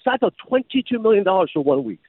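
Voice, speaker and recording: Animated man with a tinny, phone-like sound. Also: sits high, quick pace, dry recording. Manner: animated storyteller, slips into announcer voice. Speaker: podcast host and former sportscaster. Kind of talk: casual chat.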